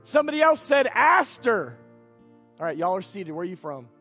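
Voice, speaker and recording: A man's voice: high-pitched, big pitch swings, racing, a bit bright, faint music behind. A male pastor preaching a sermon in a church sanctuary, bantering playfully with the congregation. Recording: reverberant church hall.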